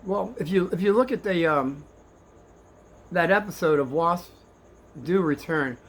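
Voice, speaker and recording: An older man telling kids a story in a rambling, animated way, swinging between hushed and excited. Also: fairly high pitch, unhurried.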